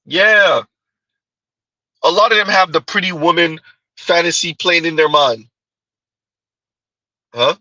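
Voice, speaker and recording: A man with a bright, sharp voice that carries a husky edge. He hosts a commentary show and drops teasing, sardonic asides between clips. The sound is close and dry. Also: on the high side, takes it slowly, pauses often, no echo, lo-fi sound. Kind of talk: reacting to clips.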